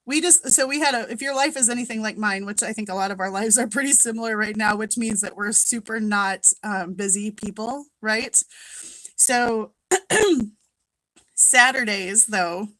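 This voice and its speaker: A woman's voice: mid-range voice, unhurried, pushed and bright, no room sound, rough recording. A woman from Minnesota hosting a casual live-stream chat from home, greeting viewers by name and laughing often.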